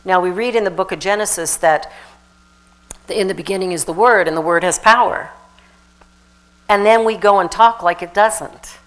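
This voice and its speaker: A woman minister giving a lively, animated sermon, with sudden shouted exhortations and laughter. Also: medium pitch, moderate pace, poor audio.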